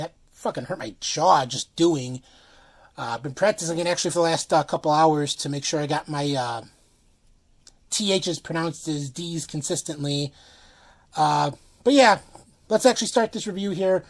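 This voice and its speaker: A man's voice: on the high side, normal speed. A man casually reviewing beers on his channel, frank and full of fillers. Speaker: beer reviewer.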